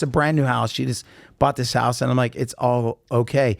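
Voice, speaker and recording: Animated storytelling man, dry sound. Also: medium pitch, a little slow, vocal fry, no room sound. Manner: animated storyteller acting out quotes. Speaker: podcast guest, singer. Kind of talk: casual chat, storytelling.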